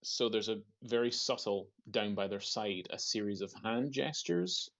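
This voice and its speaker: A man's voice: on the low side, a little slow, a bit bright. A man playing a tabletop game, chatting casually about his character's actions. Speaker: player. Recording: dull lo-fi sound.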